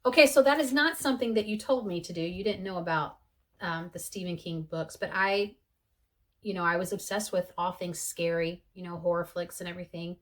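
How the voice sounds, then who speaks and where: A woman's voice: fairly low pitch, fairly even intonation, fairly quick. Earnest, chatty woman vlogger. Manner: chatty and earnest, with fillers and emotional swings. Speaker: vlogger sharing her conversion story. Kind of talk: heartfelt personal vlog.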